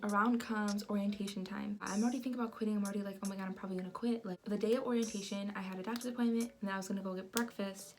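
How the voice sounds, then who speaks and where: A young woman telling a casual storytime vlog, animated and profane, acting out what people said. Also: mid-range voice, racing, few pauses. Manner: animated, profane, acts out quotes. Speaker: vlogger.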